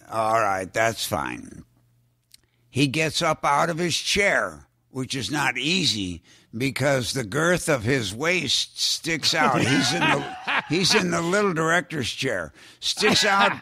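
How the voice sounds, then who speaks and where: An older man telling show-business anecdotes in an unhurried way, chuckling and dropping his voice low when he quotes people. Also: gravelly, sharp tone, dry recording, clean studio sound. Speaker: guest actor telling stories. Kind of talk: anecdotal storytelling.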